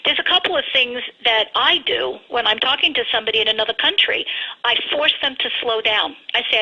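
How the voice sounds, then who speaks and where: A woman with a very bright, slightly higher voice and a husky edge speaks emphatically as a radio guest. She comes through a dull, lo-fi phone line. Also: a little fast. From United States. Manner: emphatic, advice-giving, frank opinions. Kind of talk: radio interview over the phone.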